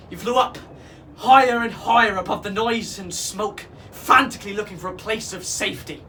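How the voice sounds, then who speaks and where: A man performing as a pirate king, reading a storybook aloud to children in a slow, expressive way. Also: sits high. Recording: voice from some distance off with faint hiss.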